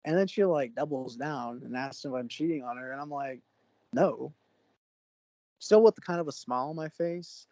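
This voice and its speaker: A young man from Oklahoma, a podcast co-host, telling a story in an animated, excitable way with sudden jumps in pitch. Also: a little fast, few pauses, no echo, lo-fi sound. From Oklahoma, USA. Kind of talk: casual storytelling.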